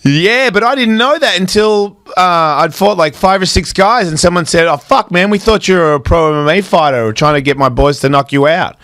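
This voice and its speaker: A man's voice: a little fast, few pauses. A man telling fight stories on a podcast as a guest, swearing freely and acting out the people he quotes. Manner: profane, animated, acts out quoted people in loud high voices. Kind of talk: casual podcast storytelling.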